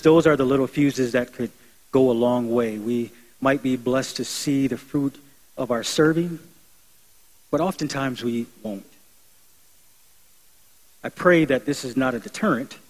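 A young adult man preaching to his church in an earnest, conversational way. His delivery swells into emphatic, lifted phrases and then drops back to a quieter, reflective tone. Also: medium pitch, measured pace, long pauses, low-quality recording. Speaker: pastor. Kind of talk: sermon.

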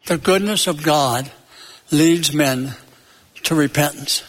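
High-voiced preacher in an echoey hall. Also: male voice, slow pace. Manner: emphatic, builds to loud peaks then drops low; tells jokes and stories. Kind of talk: sermon.

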